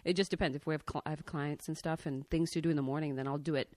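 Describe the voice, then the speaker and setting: A woman's voice: low voice, fairly even intonation, very fast, darkish tone, no echo. A woman from Ethiopia, a media company founder, chatting upbeat as a podcast guest and laughing often. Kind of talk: casual chat.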